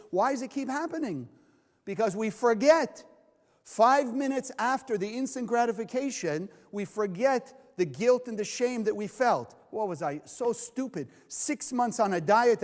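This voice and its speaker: High-voiced animated male lecturer. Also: long reverb tail. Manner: animated, acts out inner voices, asks the audience questions. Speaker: Kabbalah teacher. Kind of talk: lecture to a live audience.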